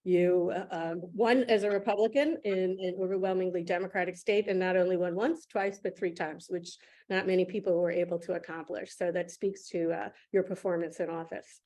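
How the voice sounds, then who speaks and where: A woman co-hosting an interview, enthusiastic and quick to laugh. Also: fairly low pitch, steady tone, dark tone. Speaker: co-host. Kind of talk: casual interview chat.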